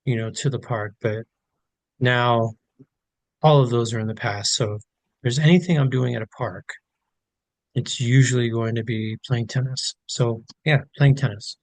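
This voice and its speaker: A man's voice: medium pitch, steady tone, moderate pace, no echo. A middle-aged man co-hosting a podcast, easygoing and a bit hesitant, repeating words as he thinks. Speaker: podcast co-host. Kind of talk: casual chat.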